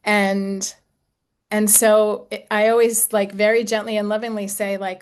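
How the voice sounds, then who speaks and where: A woman in her sixties, an intimacy coach talking gently and reflectively to a group, with casual fillers. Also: medium pitch, little pitch movement, a little slow. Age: 60s. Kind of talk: talk to a group.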